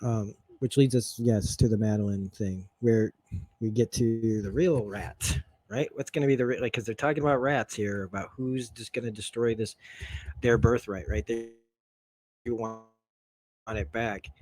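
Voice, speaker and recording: A man's voice: fairly low pitch, steady tone, normal speed, a little mellow, dry recording. A man in a rambling, stream-of-consciousness TV recap, talking enthusiastically with frequent laughs. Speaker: host. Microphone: streaming setup mic.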